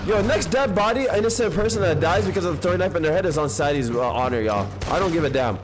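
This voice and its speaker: A young man streaming a video game live, chatting excitably in slang with his viewers. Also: high voice, quick pace, noisy background. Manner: excitable slangy banter with chat.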